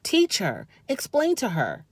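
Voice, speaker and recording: Animated woman reviewing reality TV, dry sound. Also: mid-range voice, unhurried, breathy edge, dry recording. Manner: animated, scolding, talks straight to the people on the show. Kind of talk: casual commentary.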